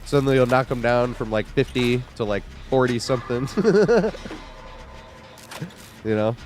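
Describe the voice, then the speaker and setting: A man's voice: mid-range voice, unhurried, a little mellow, soft background music. A man streaming a video game, talking loosely and profanely with his viewers, his voice weak and congested from a cold. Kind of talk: casual livestream chat while gaming.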